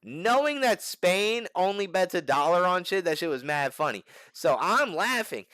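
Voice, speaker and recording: Animated slangy young man telling a story. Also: high voice, normal speed, no room sound. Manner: animated, slangy and profane, with frequent restarts. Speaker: channel host. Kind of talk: casual storytelling to the camera.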